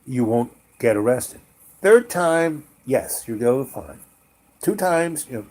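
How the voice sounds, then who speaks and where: Older guy in his 60s rambling through a childhood story, lots of ums, voice drops off, middle pitch. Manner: meandering, heavy on "um" and "you know", trailing off quietly. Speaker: storyteller host.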